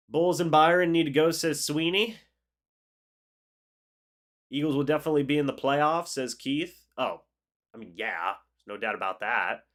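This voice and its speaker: Here the same congested young man, recovering from flu, chats casually on his sports stream and reads out messages from the chat. His mid-range voice carries a fairly bright tone.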